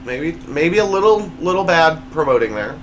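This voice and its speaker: Animated man hosting a comedy show. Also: moderate pace, slight background noise. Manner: jokey, reads punchlines with big pitch swings. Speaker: show host. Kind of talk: comedy monologue.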